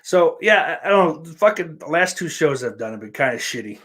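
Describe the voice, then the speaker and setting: A man hosting a solo podcast, talking in a loose, rambling, heavily profane way with sudden loud bursts. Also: a little high, very animated, fairly quick. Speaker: podcast host.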